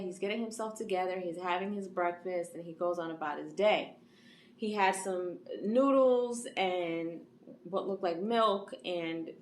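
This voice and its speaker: A woman retells an anime episode in a loose, chatty recap, peppering her talk with fillers as she goes. Her voice sits at an ordinary middle pitch. She records in a roomy, echoey space with a faint hum of background ambience. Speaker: anime reviewer. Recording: echoey room.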